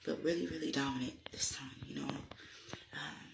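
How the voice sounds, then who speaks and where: Man, gravelly voice, rambling storytelling, lots of "you know", echoey room. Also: fairly high pitch, brisk, very noisy. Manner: laughs often while telling. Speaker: holistic healer vlogger. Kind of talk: personal storytelling.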